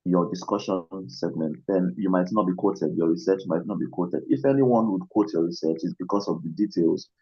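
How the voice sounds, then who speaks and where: A man's voice: sits low, brisk, few pauses, dark tone, breathy edge, no echo. A man, a student on a video call, hesitantly summing up a lesson with many ums. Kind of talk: class summary answer. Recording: muffled video call audio.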